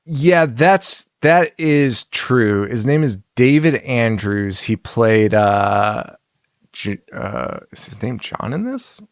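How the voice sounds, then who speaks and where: A man's voice: medium pitch, slow pace, no echo, studio quality. A man co-hosting a casual film podcast, rambling and swearing, laughing often. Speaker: podcast co-host. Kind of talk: casual chat about films.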